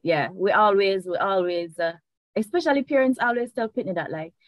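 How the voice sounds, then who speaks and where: A woman's voice: medium pitch, animated, brisk, rough recording. A woman hosting a casual interview, explaining phrases and laughing often. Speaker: host.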